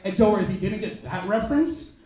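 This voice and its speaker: A man doing stand-up in a comedy club, his voice pitched high and swinging wildly as he acts out little characters. The sound is very echoey and a touch distant, like a room mic picking him up from across the club. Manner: animated, acts out characters in quick bits. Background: audience laughter.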